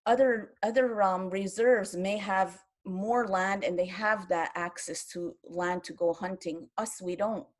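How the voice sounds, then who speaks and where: A woman's voice: medium pitch, fairly even intonation, unhurried, few pauses. An older woman, a grandmother, speaking earnestly on an online round-table video call, with many restarts and moments where her feelings show. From Kahnawake, Quebec.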